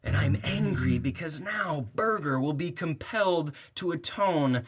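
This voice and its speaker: A man's voice: fairly high pitch, animated, a little slow, breathy edge. A young man performing rhyming spoken-word poetry with a sarcastic, heated edge and bursts of laughter.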